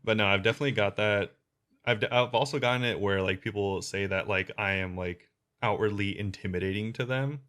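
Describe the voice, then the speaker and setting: A man's voice: lowish voice, brisk, a bit bright. A young man co-hosting a casual podcast, talking in a forward, direct, confident way with frequent restarts. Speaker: podcast co-host. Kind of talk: casual chat.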